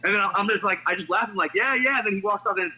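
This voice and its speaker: A man with a high, very bright voice rattles through stories at a quick clip. He hosts a casual podcast and keeps it loose, laughing and swearing along the way. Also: slight background noise, poor audio. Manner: fast animated storyteller, laughs often, swears casually. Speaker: podcast host.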